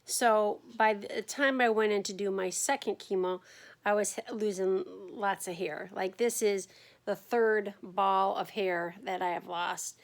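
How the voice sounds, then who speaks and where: A woman records a personal video diary at home, speaking straight to the camera. She sounds fatigued, talking slowly with many ums and the occasional yawn, at an everyday medium pitch. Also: fairly even intonation. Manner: frequent ums, yawning, tired and unhurried. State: fatigued from chemotherapy. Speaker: vlogger sharing her chemotherapy journey.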